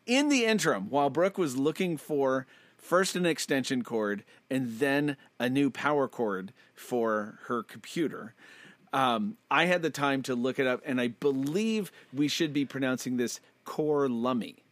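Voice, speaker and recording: A man co-hosting a casual podcast, chatty and quick to laugh. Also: medium pitch, lively intonation, no echo. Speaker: podcast co-host. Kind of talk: casual chat.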